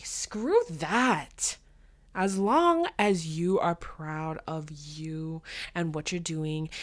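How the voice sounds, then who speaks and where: A young woman chats through her own podcast in a loose, unscripted way. She is frank and a little sweary, and she gets animated when she retells conversations. Her voice sits slightly low in pitch. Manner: animated storytelling, acts out quoted voices with big pitch jumps; frank and blunt, with mild swearing. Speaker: podcast host. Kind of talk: casual solo podcast chat.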